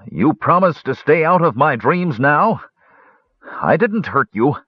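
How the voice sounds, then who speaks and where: A man's voice: a little high, very animated, breathy edge, no echo, pitched above the performer's own voice, full character voice. A man voicing a big, fearful, simple-minded male dwarf who speaks in frightened, childlike bursts. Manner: frightened, halting, childlike speech. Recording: dull lo-fi audio.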